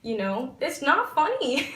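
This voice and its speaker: A young woman in her twenties with a slightly high voice speaks frankly in an interview. The sound is roomy and echoey. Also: fairly bright tone. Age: 20s. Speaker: pre-med student. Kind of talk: interview answers. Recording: echoey room.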